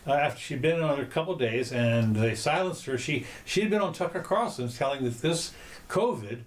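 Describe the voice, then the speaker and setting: A man hosting a podcast, chatting casually in a rambling, halting way with many restarts. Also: medium pitch, animated. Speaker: podcast host. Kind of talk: casual chat.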